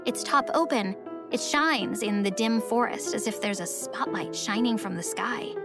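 A woman narrating a first-person story in a wry, expressive way. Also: on the high side, normal speed, over loud music. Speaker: audiobook narrator.

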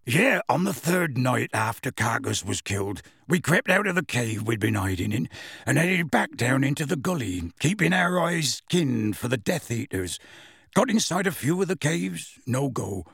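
A man voicing a huge, warm-hearted half-giant gamekeeper who talks in rough dialect and tells his tale with relish, in an audiobook reading. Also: mid-range voice, sing-song, normal speed, dry recording, studio quality, full character voice. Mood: gruff storytelling. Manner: rough dialect speech, dropped sounds, storytelling relish.

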